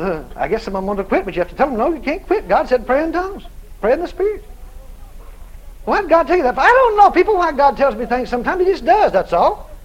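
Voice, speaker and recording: A man's voice: extremely high pitch, rough recording. A male preacher telling a story in a sermon, laughing often and acting out every voice in it. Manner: animated, laughing storyteller who acts out the voices in his story.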